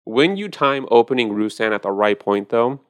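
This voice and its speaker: A man's voice: medium pitch, expressive, normal speed, no echo. A man hosting a podcast, chatting casually and animatedly about wine, with profane storytelling. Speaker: podcast host.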